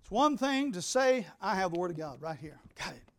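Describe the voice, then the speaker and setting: A pastor preaching an emphatic sermon, swinging between loud declarations and hushed asides. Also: male voice, high-pitched, big pitch swings, fairly quick.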